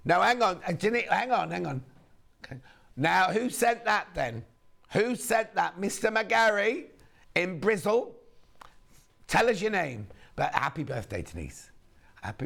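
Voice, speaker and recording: Brief: male shopping-channel host, hoarse and gravelly, lively up-and-down delivery, gossipy and rambling. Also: fairly high pitch. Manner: chatty, gossipy, rambling asides. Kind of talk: casual live sales chat.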